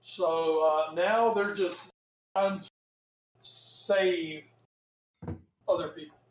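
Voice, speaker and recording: Excitable high-voiced male podcast host. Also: extremely slow, roomy sound, slight background noise, poor audio. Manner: excitable, animated, prone to shouted asides. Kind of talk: casual chat.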